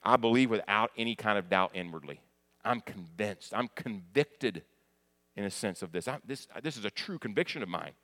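A middle-aged male pastor preaching a conversational sermon, moving between quiet explanation and loud, emphatic passages. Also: on the low side, expressive, moderate pace.

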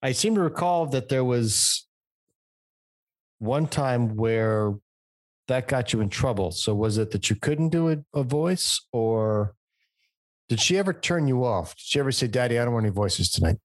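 A man's voice: medium pitch, expressive, a little slow, no echo. A man from the United States co-hosting a podcast, talking eagerly and swearing freely in casual chat. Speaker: podcast co-host.

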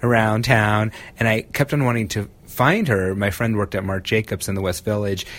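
A man, a street style photographer, chatting casually and telling animated stories with frequent laughter. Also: fairly low pitch, normal speed. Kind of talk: casual chat.

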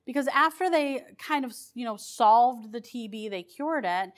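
A woman's voice: on the high side, lively intonation, unhurried. A woman paranormal investigator telling her stories in a chatty, rambling way, with restarts and fillers. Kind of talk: casual storytelling.

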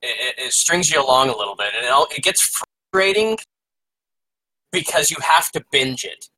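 A man chatting casually on a podcast, animated and stammering through his points. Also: mid-range voice, moderate pace, slightly rough, rough recording. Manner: animated, stammering, laughs often. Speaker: podcast co-host. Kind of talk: casual chat.

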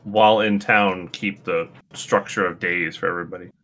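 A man's voice: sits low, steady tone, moderate pace, a bit bright. A man playing a tabletop game, chatting casually and explaining things in a laid-back way. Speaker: player.

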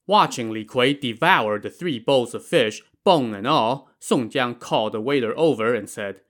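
A man's voice: medium pitch, fairly bright tone. A man narrating a classic tale in a casual way, with joking asides. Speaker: storyteller.

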